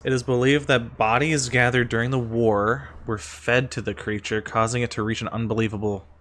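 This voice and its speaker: A man giving casual reaction commentary as a streamer, animated, thinking aloud and laughing often. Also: mid-range voice, normal speed.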